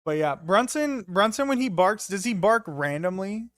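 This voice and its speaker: Casual male streamer at home, joking banter, slightly high voice, dry close sound. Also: lively intonation, moderate pace, a bit bright, no echo. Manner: loose, joking banter with frequent swearing. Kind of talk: casual chat with live viewers.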